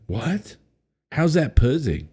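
A man's voice: a little high, sing-song, slow, slightly rough. A man hosting a casual podcast, reading out headlines and joking crudely. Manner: crude, jokey, swings between loud and mumbled. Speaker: podcast host.

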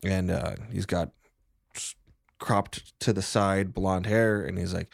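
A man narrating as game master in a halting, descriptive way. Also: sits low, fairly even intonation, vocal fry, no echo, clean studio sound. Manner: halting, descriptive, full of fillers.

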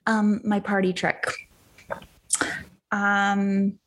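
A woman's voice: mid-range voice, completely flat delivery, drawn-out words, background noise. A bubbly young woman chatting casually as a podcast co-host, with lots of "like" and "um". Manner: bubbly, filler-heavy. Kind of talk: casual chat.

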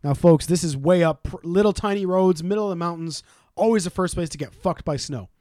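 A man's voice: high voice, a little mellow, dry recording, clean studio sound. A man co-hosting a podcast, telling profane, sarcastic stories and mimicking the people in them. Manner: profane, sarcastic, quick storytelling with mimicked voices. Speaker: podcast co-host. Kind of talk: casual storytelling chat.

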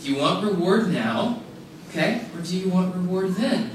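A man delivers a sermon with emphatic repetition and casual asides. His voice sits high, and the recording is heavily echoey, picked up from a distance with faint background noise. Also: animated, normal speed. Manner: emphatic, repeats key phrases, casual asides. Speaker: pastor. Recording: very echoey room, mic far off, faint noise.

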